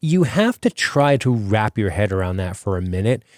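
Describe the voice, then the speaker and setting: A man's voice: on the low side, very animated, moderate pace, darkish tone, no echo, clean studio sound. A man hosting a podcast in casual chat, rambling with many fillers and casual swearing. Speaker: podcast host.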